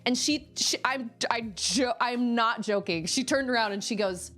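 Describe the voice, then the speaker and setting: A woman's voice: fairly high pitch, moderate pace, hardly any pauses, soft background music. A woman gaming streamer in casual, rambling storytelling, acting out the people she quotes. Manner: animated, acts out other people's voices in quotes; chatty, rambling, with many restarts.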